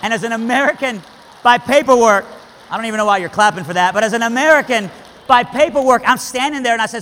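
A man from Iran telling a dramatic story to a crowd, swinging between hushed lines and impassioned cries. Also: very high-pitched, fast, a little hiss or hum. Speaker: speaker. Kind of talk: storytelling sermon. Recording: hall reverb.

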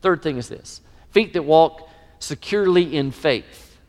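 A middle-aged man preaching a sermon, emphatic and animated, his voice swelling in pitch and volume. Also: a little slow. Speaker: pastor. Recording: long reverb of a large hall.

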